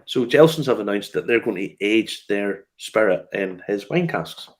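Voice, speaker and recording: At a normal pace and in a fairly low, expressive voice, a man hosts a casual whiskey news chat. He's chatty, laughs frequently, and tells his stories with plenty of fillers and restarts.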